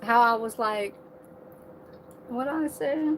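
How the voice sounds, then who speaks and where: A woman's voice: a little high, takes it slowly, slight background noise, low-quality recording. Rambling, profane woman vlogger. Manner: rambling, profane, laughing asides. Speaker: server at a senior living community. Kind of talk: casual monologue.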